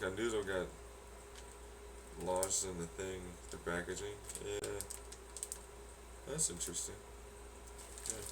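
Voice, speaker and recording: A man's voice: sits low, background noise. A man chatting casually and rambling while cooking in a kitchen, swearing freely and joking. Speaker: streamer. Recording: distant mic with sizzling frying.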